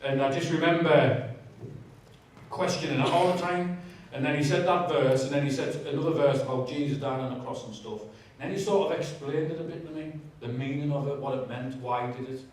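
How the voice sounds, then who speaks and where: A man's voice: medium pitch, fairly quick, a little mellow, a little hiss or hum. A man giving a candid, conversational personal testimony with humour in a large church hall. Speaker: guest speaker giving testimony. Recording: very echoey hall, distant mic.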